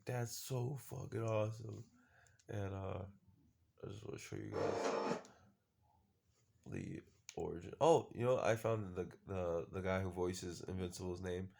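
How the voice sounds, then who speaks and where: A man's voice: lowish voice, creaky, warm tone, a little hiss or hum. A man casually recapping a show episode, rambling with lots of fillers and the odd swear word. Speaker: show reviewer.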